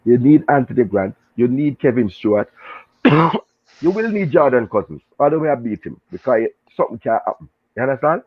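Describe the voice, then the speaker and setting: A man with a Jamaican accent chatting casually about football, animated and full of patois banter. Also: mid-range voice, moderate pace, husky. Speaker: show guest and pundit. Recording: tinny phone line.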